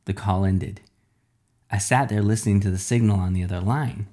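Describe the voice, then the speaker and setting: A man's voice: lowish voice, normal speed, darkish tone. A man reading a first-person children's story aloud.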